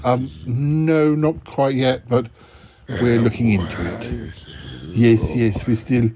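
A man's voice: medium pitch, steady tone, slow pace, noisy background. A man hosting an improvised comedy podcast, hesitant and polite, often stammering. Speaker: podcast host. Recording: dull lo-fi recording.

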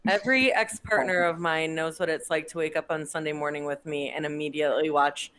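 A woman's voice: deep voice, fairly even intonation, fairly quick, fairly bright tone, clean tone. A woman co-hosting a podcast in casual chat, playful and enthusiastic. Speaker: podcast co-host.

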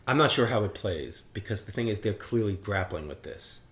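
Man, low voice, podcast co-host, casual profane film chat, rambles. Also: animated, fairly quick, fairly bright tone.

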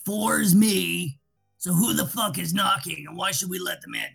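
Man, tabletop player, gravelly and husky, sarcastic, swears a lot. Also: high-pitched, steady tone, moderate pace, fairly bright tone, soft background music. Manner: profane, sarcastic ranting. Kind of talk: in-character tabletop banter.

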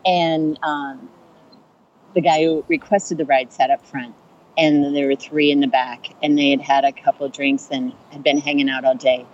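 A woman comedian telling a funny story on a podcast, chatty and animated, acting out the voices of the people in it. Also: low voice, normal speed, muffled recording. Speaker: stand-up comedian and rideshare driver.

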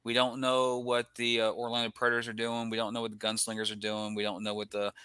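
A young man co-hosting a casual sports podcast, rambling with quick asides and chuckles. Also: mid-range voice, completely flat delivery, sharp tone, clear, resonant tone, no room sound. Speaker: podcast co-host.

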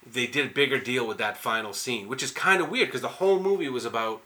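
A man's voice: medium pitch, fast talker, bright, forceful tone. A man casually recapping a movie on a podcast, rambling and swearing, with lots of "like" fillers. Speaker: podcast co-host.

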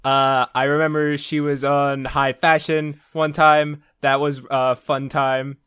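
A man hosting a comedy podcast, joking and halting with fillers. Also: medium pitch, little pitch movement, fairly bright tone, clean tone, no echo, clean studio sound. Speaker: podcast host. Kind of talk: casual podcast banter.

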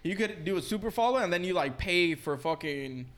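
Young male podcast co-host, high voice, swearing jokey banter. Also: lively intonation, brisk, a bit bright, slight background noise. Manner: joking, swearing.

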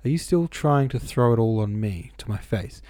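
A man reading a sly, insolent male servant who talks in a low, insinuating, unhurried way, as part of a storybook audiobook. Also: animated, warm tone, no room sound, lightly acted.

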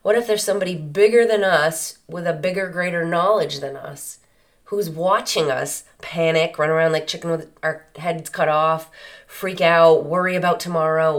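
A woman's voice: low voice, normal speed. A woman hosting a solo podcast, talking in an earnest, conversational way with many rhetorical questions. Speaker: podcast host. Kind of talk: reflective solo podcast monologue.

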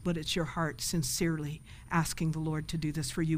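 A woman's voice: deep voice, little pitch movement, brisk, a little hiss or hum. A woman pastor preaching a sermon and leading an altar call, emphatic and calling for responses from the congregation.

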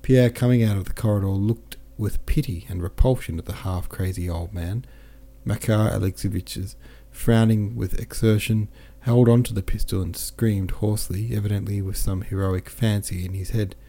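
Gravelly low-voiced male narrator. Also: steady tone, normal speed, hardly any pauses, mellow. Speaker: audiobook reader and podcast host. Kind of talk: audiobook narration.

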